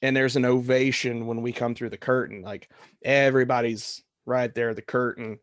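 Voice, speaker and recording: Male podcast co-host, a referee, telling a casual story in a mid-pitched voice. Dry, close recording. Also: normal speed, no room sound. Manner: animated, acts out counts and shouts while telling a story. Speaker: wrestling referee.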